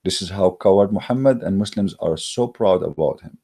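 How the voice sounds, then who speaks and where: Male host, low mellow voice, mocking and emphatic, halting delivery. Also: husky. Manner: emphatic and mocking, with frequent hesitations. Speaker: channel host. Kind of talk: religious debate monologue. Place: Germany.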